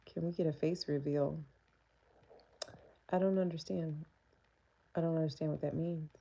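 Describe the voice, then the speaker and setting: A woman's voice: low voice, fairly even intonation, moderate pace, creaky, warm tone, highs cut off. A woman, chatting candidly on a live stream and laughing often. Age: 40s. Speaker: livestreamer. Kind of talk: casual live-stream chat.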